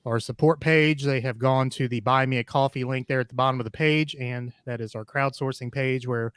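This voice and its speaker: Podcast guy, hesitant, lots of uhs, dry close mic, middling pitch. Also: fairly even intonation, a little fast, fairly bright tone, clear, resonant tone, dry recording. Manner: hesitant, many uh fillers, laughs often. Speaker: podcast co-host. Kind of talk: casual chat.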